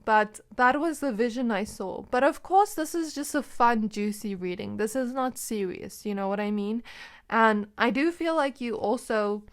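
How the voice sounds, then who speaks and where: A woman giving a casual pick-a-card tarot reading, chatty and giggly, who laughs often and fills her talk with "like". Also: on the high side. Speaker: tarot reader.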